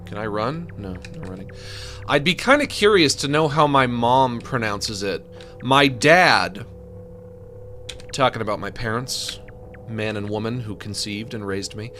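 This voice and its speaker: A man's voice: mid-range voice, bright, forceful tone. A man streaming a game, rambling and joking as he talks to himself and to his chat. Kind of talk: casual live-stream commentary. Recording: game music behind the voice. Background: game music.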